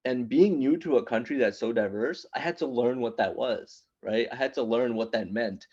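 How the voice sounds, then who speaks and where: A man in his thirties performing stand-up, talking in an animated, punchy way and throwing quick asides to the audience. His voice sits in an ordinary middle pitch. The recording sounds a little muffled and dull. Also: breathy edge. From immigrant raised in New York City. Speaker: stand-up comedian at open mic. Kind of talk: stand-up comedy storytelling.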